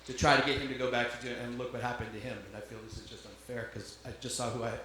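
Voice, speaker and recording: A man works a comedy club stage, bantering crudely and cracking self-deprecating asides. His voice echoes heavily around the room. Steady noise sits under every line. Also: mid-range voice, rapid-fire. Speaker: stand-up comedian with puppet. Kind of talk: stand-up comedy set.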